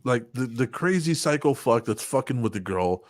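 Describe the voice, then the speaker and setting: A man's voice: medium pitch, lively intonation, moderate pace, dry recording, clean studio sound. A man in his forties hosting a casual podcast chat, rambling and swearing often, with frequent laughs. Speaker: podcast host.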